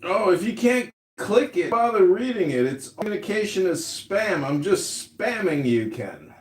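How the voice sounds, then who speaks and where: A man's voice: high-pitched, big pitch swings, unhurried, roomy sound. A man hosting a casual call-in show, brash and joking with callers. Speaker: podcast host and candidate.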